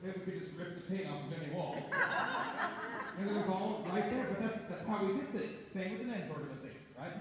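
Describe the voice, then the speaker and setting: A man coaching a chorus through a vocal warm-up in a chatty way, often checking in with "right?". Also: sits high, animated, brisk, over a noisy crowd. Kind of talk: rehearsal coaching. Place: large echoey rehearsal hall. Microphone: distant room recording. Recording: echoey hall recorded from far off.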